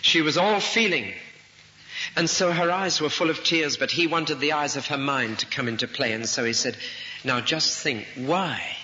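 Bright-toned preacher, lo-fi tape. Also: male voice, fairly high pitch, normal speed. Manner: reflective, with rhetorical questions. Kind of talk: expository sermon. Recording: dull lo-fi recording with faint hiss.

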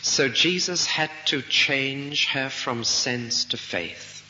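A man's voice: medium pitch, slow, bright, forceful tone. A man preaching an expository sermon, thoughtful and given to rhetorical questions. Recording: dull lo-fi recording with faint hiss.

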